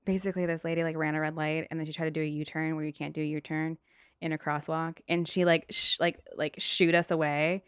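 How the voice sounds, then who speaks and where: A woman's voice: sits low, level tone, quick pace, smooth, dry recording, studio quality. A young woman hosting a casual solo podcast, telling blunt, profane stories and acting out her own outbursts. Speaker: podcast host.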